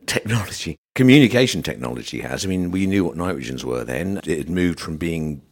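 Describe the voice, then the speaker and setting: A man's voice: low-pitched, fairly quick. A middle-aged man with an English accent, telling old work stories on a podcast and acting out the voices of the people in them. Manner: animated anecdotes, acts out voices. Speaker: podcast guest. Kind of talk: casual storytelling chat.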